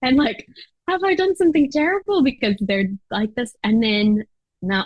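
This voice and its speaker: A woman's voice: mid-range voice, dry recording, low-quality recording. A chatty American woman talking as a podcast guest, her voice sitting in an ordinary middle range. She fills her speech with "like" and "you know," and the sound is close and dry with no room around it. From United States. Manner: chatty, many fillers and laughs. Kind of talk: casual interview chat.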